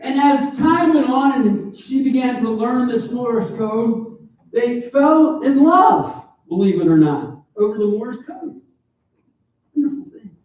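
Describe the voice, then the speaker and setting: A man in his forties preaching a sermon, animated and joking, with sudden loud bursts. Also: very high-pitched, takes it slowly. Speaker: pastor. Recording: echoey, distant, dull church PA recording.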